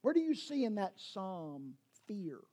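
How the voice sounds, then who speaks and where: A man's voice: high-pitched, very animated, measured pace, warm tone. A man, a pastor preaching a sermon in a rambling, self-correcting way and teasing his congregation.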